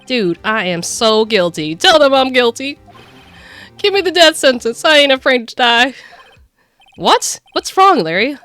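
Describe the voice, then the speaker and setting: A woman's voice: high voice, animated, normal speed, a bit bright, faint music behind, voice pushed up. A woman voicing a melodramatic young man from a game in a put-on country accent, wailing in despair. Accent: put-on Southern US country. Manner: wailing, over-the-top despair.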